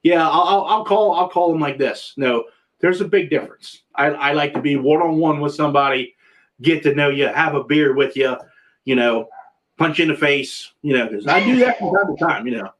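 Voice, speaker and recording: A man's voice: on the high side, fairly quick, fairly bright tone. A man hosting a casual video-call chat, rambling and restarting his sentences often. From Pennsylvania. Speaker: podcast host.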